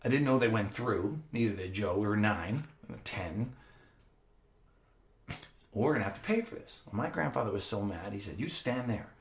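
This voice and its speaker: On a podcast, a man in his fifties who once taught and coached acts out scenes and laughs through a casual story. He speaks at a moderate pace in a fairly low, gravelly voice, leaving long pauses, and the sound is reverberant.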